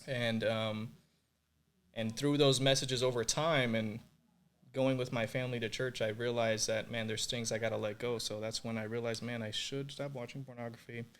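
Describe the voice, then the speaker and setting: A man's voice: mid-range voice, steady tone, normal speed, a bit bright. A young man from Puerto Rico telling his personal faith story as a podcast guest, earnest and emotional, full of "like" and "you know".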